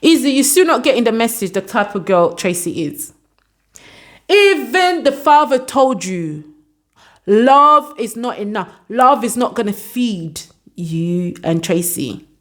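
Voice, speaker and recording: A woman's voice: on the high side, big pitch swings, a little slow. A woman casually recapping a reality show episode, scolding its cast in exasperated asides. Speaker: vlogger reviewing a reality show.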